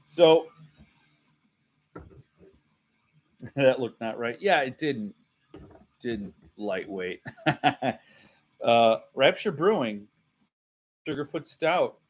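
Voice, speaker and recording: Slow-talking rambling man host. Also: on the high side. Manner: rambling, self-mocking, laughs often. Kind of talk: casual live-stream chat with viewers.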